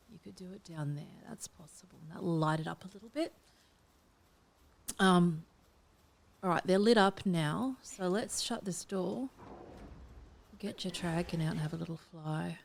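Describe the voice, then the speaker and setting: A woman's voice: fairly low pitch, creaky, a little mellow. A woman talking through a game build, drifting between murmured comments and whispers to herself. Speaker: game build tutorial host. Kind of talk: casual gameplay commentary.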